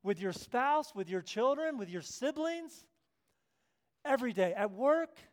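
A man preaching a sermon as pastor, swinging from hushed prayerful tones to loud emphatic passages and acting out quoted voices. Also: very high-pitched, lively intonation, measured pace.

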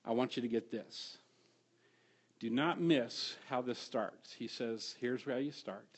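A middle-aged male pastor preaching a sermon, telling stories with animated swings from hushed to loud. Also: mid-range voice, breathy edge.

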